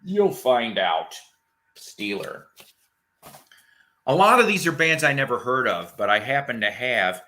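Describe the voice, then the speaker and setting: A man's voice: medium pitch, very animated, a little slow, pauses often, bright, forceful tone. A man hosting a casual chat show, rambling enthusiastically about old records and bands and swearing now and then. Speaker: host.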